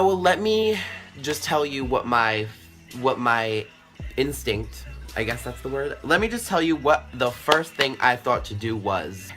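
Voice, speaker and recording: A young man tells a story straight to the camera, chatty and animated, with a lot of swearing and filler words. His voice is bright and forceful. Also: medium pitch. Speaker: vlogger. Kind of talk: storytime vlog.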